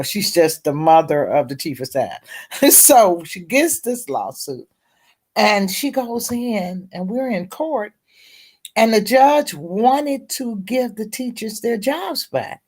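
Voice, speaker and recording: A woman's voice: on the low side, animated, slow, a little mellow. A middle-aged woman, a teacher advocate and guest at a round table discussion, telling her story bluntly and candidly.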